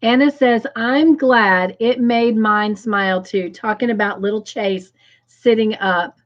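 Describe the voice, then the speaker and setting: Slow, gushing livestream hostess. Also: female voice, a little high, lo-fi sound. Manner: effusive, gushing greetings with excited squeals. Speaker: livestream host. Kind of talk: chatty livestream, reading viewer comments aloud.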